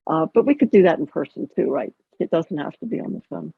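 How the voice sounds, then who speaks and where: A chaplain guides listeners through a self-compassion practice in a calm, conversational way, with touches of gentle humor. Her woman's voice is husky and slightly gravelly. The sound is dry and dull, typical of a lo-fi video call. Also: low voice, fast, few pauses, no echo. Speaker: chaplain and educator. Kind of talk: guided mindfulness teaching.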